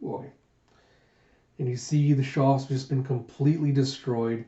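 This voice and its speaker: A man reviewing a manga in a casual readthrough, animated and laughing as he retells scenes. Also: medium pitch, moderate pace. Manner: animated, lots of laughing asides. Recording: echoey room, dull sound.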